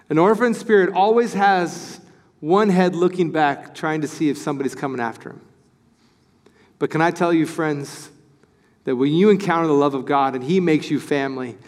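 Pastor, male, high voice, lively sermon delivery, long church reverb. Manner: animated, acts out quoted voices, excited.

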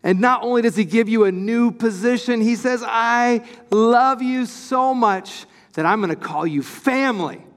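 Pastor, male, high voice, lively sermon delivery, long church reverb. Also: measured pace, few pauses. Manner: animated, acts out quoted voices, excited.

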